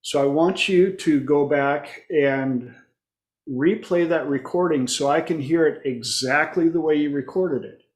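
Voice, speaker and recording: A man with a slightly raised voice talks through his coaching ideas slowly and deliberately. He wanders off on tangents and leans on fillers. The room around him is echoey. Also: on the high side. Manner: rambling, digressive, with many fillers. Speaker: life coach host. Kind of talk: casual coaching talk.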